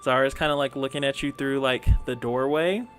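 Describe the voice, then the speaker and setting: A man's voice: medium pitch, fairly even intonation, a little fast, fairly bright tone, faint music behind. Casual male game master narrating. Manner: casual, filler-heavy narration.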